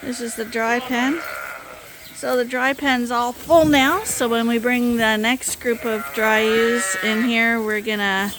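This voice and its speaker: Lady farmer, a bit high voice, talking through her sheep barn, lots of bleating around. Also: fairly even intonation, slow. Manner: chatty, explanatory, with fillers. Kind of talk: casual farm vlog narration. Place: outdoors and in a barn among sheep. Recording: clear farm noise behind.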